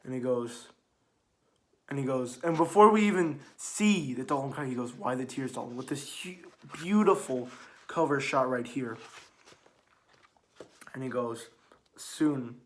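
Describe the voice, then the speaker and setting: A man giving a casual spoken manga review, rambling and excitable, swearing freely and restarting his sentences. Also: mid-range voice, a little slow, long pauses, slight background noise.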